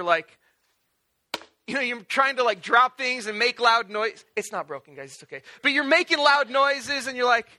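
Guy preaching, super bright high voice, loose and chatty. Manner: casual, animated storytelling with playful asides. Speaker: pastor. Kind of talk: sermon.

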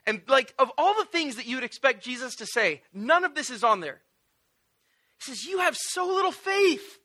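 A male pastor preaching a sermon in an animated, joking storytelling way, acting out little voices. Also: extremely high pitch, moderate pace.

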